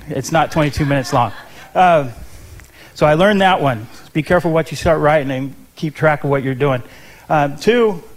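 A ministry intern giving a short sermon in church, chatty and nervous, with lots of ums and restarts. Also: male voice, on the high side.

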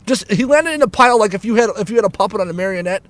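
A man's voice: lively intonation, racing, a bit bright, no echo. A man hosting his own show, ranting profanely and stumbling over restarts while he drives. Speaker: podcast host. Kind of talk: casual ranting monologue. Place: inside a moving car. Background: engine rumble of the car.

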